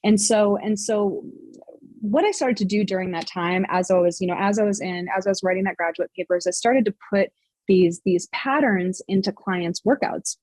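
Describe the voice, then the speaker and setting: A woman fitness coach speaks as a podcast interview guest, explaining earnestly with lots of fillers and restarts. Her voice is husky and a bit breathy, sitting at an ordinary pitch. The sound is dry and close. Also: normal speed, darkish tone, dry recording.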